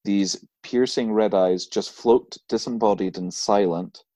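A man with a low voice, recorded dry and close, co-hosts a casual podcast. He reads out ghost stories in a relaxed way, breaking into laughs and casual swearing. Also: unhurried, no room sound. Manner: laughs often and swears freely while reading out stories. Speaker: podcast co-host.

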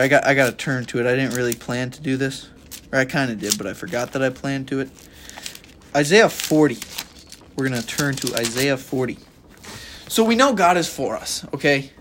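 A man's voice: on the high side, moderate pace, a bit bright. A man teaching the Bible on a podcast in an informal, earnest and emphatic way, with a chatty delivery full of fillers.

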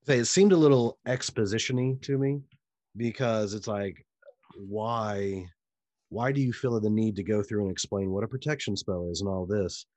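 Low-voiced, wry man giving fan commentary. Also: normal speed, darkish tone, no echo. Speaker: podcast co-host. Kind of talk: casual chat about a TV show.

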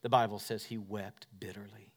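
This sermon comes from a middle-aged man with a fairly low voice and flat delivery, speaking at normal speed. He alternates between loud, forceful preaching and quiet storytelling, and uses self-deprecating humor.

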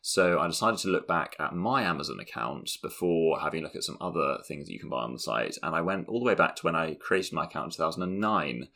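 Low-voiced man in his thirties. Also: lively intonation, fast, gravelly, hardly any pauses, bright, forceful tone. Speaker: podcast co-host. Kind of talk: casual chat.

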